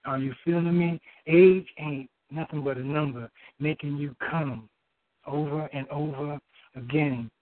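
A man calling in to read his spoken-word poem, halting at times and filling gaps with fillers and restarts. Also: a little high, steady tone, no echo. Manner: halting, with many fillers and restarts between lines. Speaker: caller reading his poem. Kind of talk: spoken-word poetry over the phone. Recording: tinny phone line.

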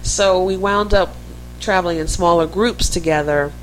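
A woman's voice: on the low side, normal speed, a little hiss or hum, low-quality recording. Chatty woman podcast co-host. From Philadelphia–New Jersey area. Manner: chatty, talks straight to listeners. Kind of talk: casual chat.

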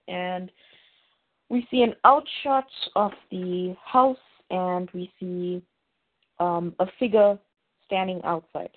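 A woman's voice: fairly low pitch, steady tone, takes it slowly. A woman hosting a podcast, casually recapping a TV episode in a rambling way with plenty of fillers, heard over a tinny, phone-like line. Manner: rambling, full of fillers and restarts.

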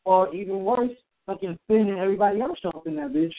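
A man co-hosting a wrestling podcast, talking casually and excitedly with a lot of swearing. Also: sits high, fast talker, gravelly. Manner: profane, excitable. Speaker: podcast co-host. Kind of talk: casual chat. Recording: tinny phone-like sound.

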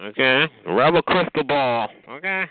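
A man's voice: mid-range voice, animated, measured pace. A man hosting a radio call-in show, taunting callers in a camp, profane, mocking way and calling them honey and child. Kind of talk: sassy call-in banter. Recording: tinny phone-line radio audio with faint hiss.

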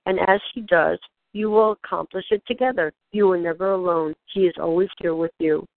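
Woman giving gentle spiritual guidance, phone-tinny. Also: fairly low pitch, no echo. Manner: gentle, questioning, unhurried prompts. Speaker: spiritual guide. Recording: dry, tinny phone-like sound.

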